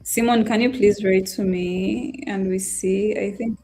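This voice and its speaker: A woman's voice: medium pitch, steady tone, unhurried, hardly any pauses, dark tone. A young woman chats casually to her viewers during a live trading stream. She sounds emotional and apologetic, half talking to herself. Faint music plays behind her voice. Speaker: trading livestream host. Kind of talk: casual livestream chat to viewers.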